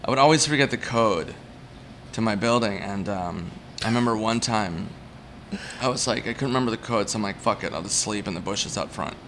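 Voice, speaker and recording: A man's voice: on the low side, fairly bright tone, a little hiss or hum. A man, a comedian guest, casually telling rambling, self-mocking stories at a bar and briefly acting out the people in them. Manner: rambling, self-mocking anecdotes with quick acted-out quotes.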